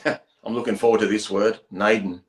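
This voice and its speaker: Blunt Australian podcast host, low voice. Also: male voice, fairly even intonation, normal speed, echoey room. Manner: blunt, matey. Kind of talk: casual fan podcast chat.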